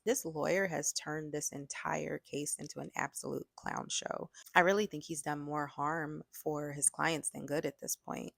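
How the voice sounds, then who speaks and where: A woman's voice: low voice, fairly even intonation, normal speed, gravelly, dry recording. A woman giving frank, exasperated casual commentary in a vlog, with many filler words. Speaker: online commentator.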